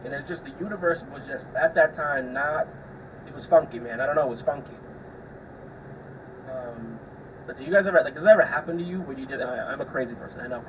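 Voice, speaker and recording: A man's voice: mid-range voice, fast. A young man hosting a podcast who tells a rambling, profane story in casual solo chat, full of filler words. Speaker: podcast host. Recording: distant mic with faint air-conditioner hum.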